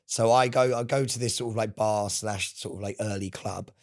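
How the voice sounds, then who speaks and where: A man's voice: on the low side, fairly even intonation, moderate pace. A man co-hosting a podcast, telling a rambling story in casual chat, laughing and swearing often. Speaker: podcast co-host.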